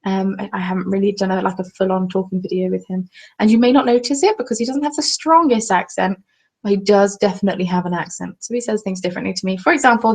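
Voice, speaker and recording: Young southern English woman, mid-pitched with vocal fry; chatty, jokey home live-stream host on a webcam. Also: low-quality recording. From England. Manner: chatty, jokey, reads viewer comments aloud. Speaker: craft vlogger. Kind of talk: casual live-stream chat. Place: at home, seated.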